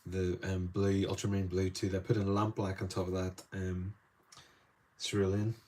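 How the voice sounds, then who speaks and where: A man's voice: deep voice, completely flat delivery, normal speed, a little mellow. An Irish man teaching watercolour live, chatting to viewers with rambling asides while he paints in a studio. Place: indoor art studio.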